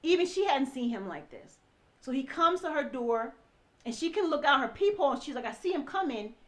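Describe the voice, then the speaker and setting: Animated woman recounting a story. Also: high-pitched, brisk. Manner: animated, acts out quoted dialogue, restarts often. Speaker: guest telling her story. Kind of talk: emotional personal storytelling.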